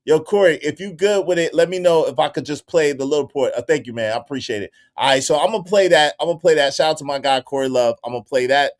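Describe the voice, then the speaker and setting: A man hosting a casual livestream, talking to his chat in an animated, repetitive way. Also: a little high, quick pace, hardly any pauses. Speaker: livestream host.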